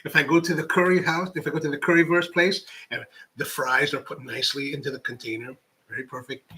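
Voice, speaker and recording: Bright-voiced man chatting on a livestream. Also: fairly high pitch, fast talker. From United States. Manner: rambling, many restarts, animated asides. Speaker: coffee channel host. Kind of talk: casual livestream chat reading viewer comments.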